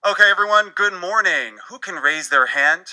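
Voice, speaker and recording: A man's voice: high voice, animated, moderate pace, bright, forceful tone, pitched above the performer's own voice, full character voice, rough recording. A man voicing an upbeat, encouraging male math teacher calling on students. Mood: cheerful.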